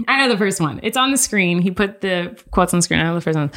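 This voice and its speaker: A woman's voice: fairly low pitch, expressive, fast, a bit bright. A woman co-hosting a podcast in casual chat, giggly and chatty with lots of fillers. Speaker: podcast co-host.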